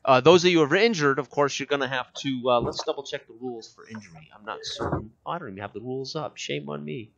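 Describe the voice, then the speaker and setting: A man running a tabletop role-playing game as game master, narrating and checking rules with many pauses and fillers. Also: mid-range voice, gravelly, fairly bright tone, slight background noise. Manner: halting, thinks aloud with many fillers. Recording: dull lo-fi sound.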